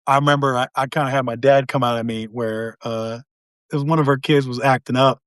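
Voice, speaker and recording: A man's voice: mid-range voice, steady tone, brisk, a bit bright, dry recording, clean studio sound. A man in his late forties hosting a casual chat, a Marine veteran telling rambling stories. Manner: rambling, lots of fillers and restarts.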